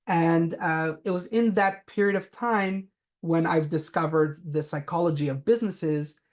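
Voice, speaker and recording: A man's voice: on the high side, a little mellow. Man telling a story in a business talk. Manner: anecdotal storytelling with fillers. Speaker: presenter.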